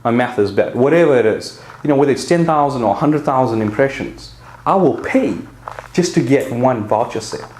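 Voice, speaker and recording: A man's voice: medium pitch, animated, brisk, darkish tone, a little hiss or hum. A man with a South African accent coaching a group on fitness business marketing, talking directly and punchily and checking in with his listeners. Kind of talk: marketing seminar talk. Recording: roomy echo.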